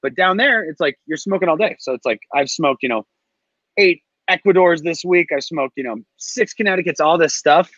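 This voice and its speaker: A man, a guest on a podcast, telling stories casually in an animated, filler-heavy way. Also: on the high side, no echo, dull audio. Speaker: guest, co-host of a cigar show. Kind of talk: casual chat.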